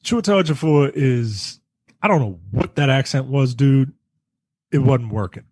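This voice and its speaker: Man, blunt casual reviewer, slangy, repeats himself for emphasis, husky voice. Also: mid-range voice, animated, normal speed, a little mellow, dry recording. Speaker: podcast movie reviewer. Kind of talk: casual chat.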